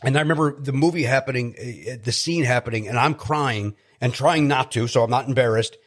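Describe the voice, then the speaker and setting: A man, telling stories as a podcast guest in an animated, joking way. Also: mid-range voice. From South Side of Chicago. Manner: animated storyteller, quick jokey asides. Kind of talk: casual chat.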